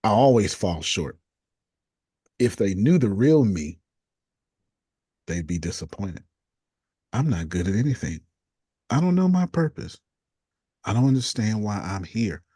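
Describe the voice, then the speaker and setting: A man coaching a group, reading out negative self-talk statements one after another in a deliberate, casual way. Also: fairly low pitch, animated, dark tone, husky, no room sound, clean studio sound.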